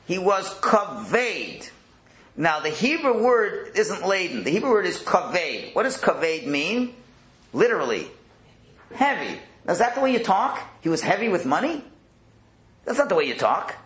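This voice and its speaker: Guy giving a torah class, lively voice bouncing up and down, kinda high, echoey room. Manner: animated, asks rhetorical questions, acts out quotes. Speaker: Torah teacher. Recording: roomy echo.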